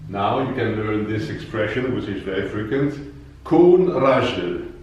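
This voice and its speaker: A man teaching vocabulary in a patient, explanatory way, repeating each word slowly for learners. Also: on the low side, a little hiss or hum. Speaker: language teacher. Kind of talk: slow explanatory lesson. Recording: very echoey room, voice from far off.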